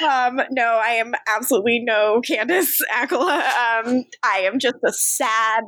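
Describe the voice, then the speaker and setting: A woman's voice: on the high side, normal speed, hardly any pauses, a bit bright, no echo. Joking woman podcast host, dry close sound. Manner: joking, self-deprecating, openly sentimental. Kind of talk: casual podcast recap chat.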